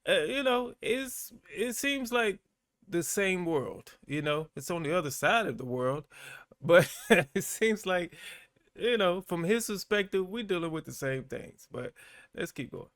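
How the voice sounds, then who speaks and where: A man hosting a reaction video, chatty and animated and often laughing. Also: high voice, a little slow, dry recording, clean studio sound. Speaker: YouTube host reacting to clips. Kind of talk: reaction commentary.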